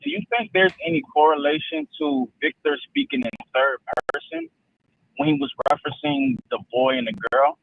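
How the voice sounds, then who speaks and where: A man's voice: on the high side, huge pitch swings, moderate pace, no echo. A man calling in to a livestream show, polite and hesitant as he asks questions. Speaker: caller. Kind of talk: call-in question. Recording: gravelly phone line.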